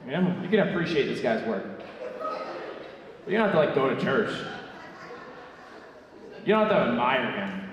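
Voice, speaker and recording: A young man doing a stand-up set on a theatre stage. He talks in a brash, profane way and tosses in quick asides. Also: mid-range voice, sing-song, highs cut off, crowd noise. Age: young adult. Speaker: stand-up comedian. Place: theatre stage before a live audience. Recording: echoey theatre hall from far off.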